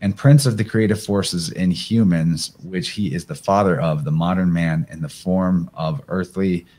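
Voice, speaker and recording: Male presenter, low voice, casual talk, reads from slides between asides. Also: steady tone, moderate pace, warm tone. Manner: rambling, thinks aloud with fillers; reads passages aloud from slides. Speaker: podcast guest presenter.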